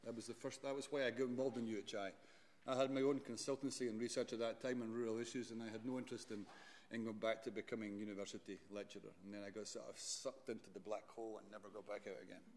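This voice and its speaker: A man's voice: on the low side, little pitch movement, fast, a little mellow, long reverb tail, slight background noise. A man, a university lecturer giving a chatty, rambling talk and often correcting himself. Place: lecture hall.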